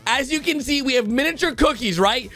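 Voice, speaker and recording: A man giving excited reaction commentary as a video host, full of exclamations. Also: extremely high pitch, faint music behind. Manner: excitable, exclaiming, quick gasps and laughs. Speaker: YouTube host.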